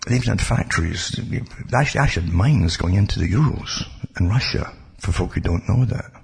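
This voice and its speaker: A man's voice: sits low, animated, brisk, gravelly, breathy edge. A man giving a rambling, casual talk about history, full of digressions and asides. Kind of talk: casual spoken history monologue.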